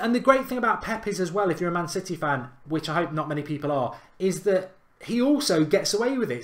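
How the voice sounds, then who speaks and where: A man's voice: sits high, a bit bright. A man hosting a fan channel and delivering an emphatic, indignant football rant. He repeats his points for effect.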